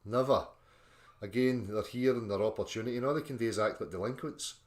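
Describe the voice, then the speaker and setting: Scottish male streamer, low voice, mocking, foul-mouthed, combative rant. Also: quick pace. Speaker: livestream host reading chat. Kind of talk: ranting livestream chat.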